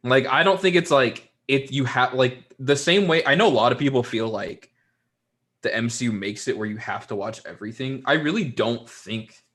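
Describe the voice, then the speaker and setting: A man's voice: mid-range voice, normal speed, fairly bright tone. A young man co-hosting a casual chat show, rambling through his thoughts with lots of fillers and the odd mocking aside. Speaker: podcast co-host.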